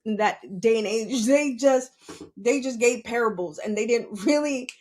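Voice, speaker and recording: A woman's voice: fairly high pitch, normal speed, darkish tone. A middle-aged woman hosting a podcast, giving blunt, profane advice in a casual monologue, laughing often and asking rhetorical questions. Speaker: podcast host.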